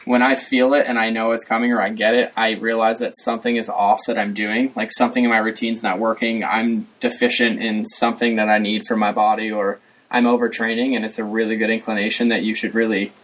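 A man's voice: fairly low pitch, brisk, low-quality recording. Jokey man chatting on a podcast. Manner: jokey, animated storytelling. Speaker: podcast co-host. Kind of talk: casual chat.

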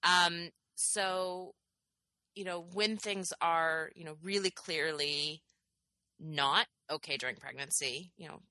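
Woman with low bright voice, chatty science explainer, lots of um and you know, dry sound. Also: slow, no echo, low-quality recording. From Canada. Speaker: podcast co-host. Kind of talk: casual health podcast chat.

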